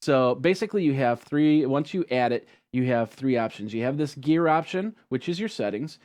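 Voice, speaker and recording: A man explains software settings step by step in an easygoing, rambling way, full of ums and self-corrections. His voice sits at an ordinary middle pitch. The delivery is casual rather than polished. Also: expressive, normal speed. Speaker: tech tutorial host. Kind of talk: screen-recorded software tutorial.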